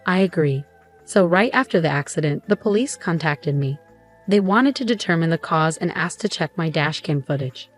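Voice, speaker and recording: A woman's voice: low-pitched, animated, moderate pace, soft background music. A woman voicing a resentful, demanding husband who talks in an accusing, dismissive way.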